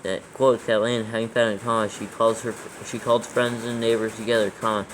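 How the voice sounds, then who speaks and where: Man, proofreading read-aloud, dictates punctuation, steady monotone delivery, lowish voice. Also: slight background noise, rough recording. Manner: reads slowly and evenly, naming every comma and capital. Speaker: proofreader reading scripture aloud.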